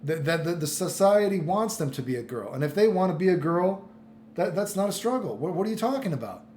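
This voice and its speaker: A man's voice: sits high, sing-song, a little fast, a little mellow. A man ranting in casual commentary, exasperated, stumbling over restarts and swearing. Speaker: commentary vlogger. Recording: echoey room, faint noise.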